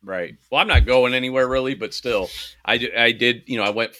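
Casual podcast host, male, bright dry voice, profane ranting delivery. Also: medium pitch, fairly quick, dry recording. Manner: profane, ranting, mocking impressions. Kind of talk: casual chat.

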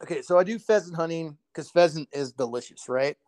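A man's voice: on the high side, a little fast, darkish tone, no echo. A man in casual podcast chat, laid-back and profane, telling hunting and cooking stories. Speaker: podcast co-host.

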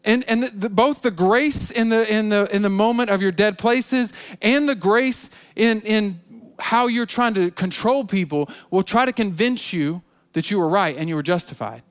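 A man preaches in a high, raised voice. He stumbles and repeats words as he goes, and he slips into the voices of people making excuses. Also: moderate pace, clean tone. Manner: repetitive, stammering restarts, acts out quoted excuses. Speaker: pastor. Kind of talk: sermon.

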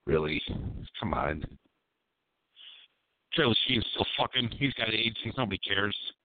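Crude rambling radio host, tinny sound. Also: male voice, on the low side, expressive, unhurried, no room sound. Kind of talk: live call-in radio talk. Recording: dry tinny phone-like sound.

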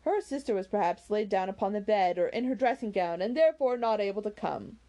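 A woman's voice: medium pitch, animated, a little fast, dark tone. Brief: casual, chatty woman reader, friendly asides, self-deprecating. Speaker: reader of an audiobook series. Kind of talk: reading a novel aloud and chatting about it.

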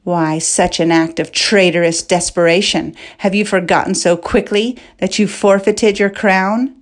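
A woman's voice: mid-range voice, steady tone, measured pace, natural voice. A woman playing a pompous, commanding king. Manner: declaiming, accusatory.

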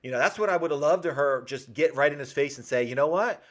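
A man's voice: a little high, quick pace. Profane man animatedly retelling a movie. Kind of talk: casual movie recap chat.

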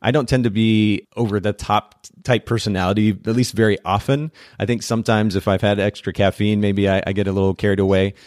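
Male podcast host, fairly low voice, friendly and chatty, dry close mic. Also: darkish tone, dry recording. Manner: friendly, chatty, frequent restarts. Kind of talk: conversational podcast interview.

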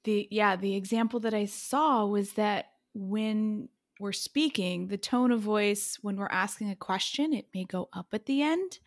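A woman's voice: medium pitch, measured pace, few pauses. A woman hosting a podcast, asking curious, upbeat questions in a casual interview. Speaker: podcast host.

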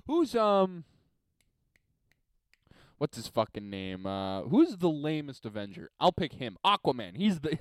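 A man's voice: a little high, no echo, clean studio sound. A man hosting a solo podcast from a basement, reading listener emails in a crude, sarcastic, rambling rant. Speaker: podcast host.

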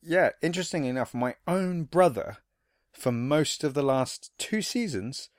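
A man's voice: fairly high pitch, animated, measured pace, no room sound, clean studio sound. A man co-hosting a podcast in casual chat, breaking into playful impressions and silly voices. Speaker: podcast co-host.

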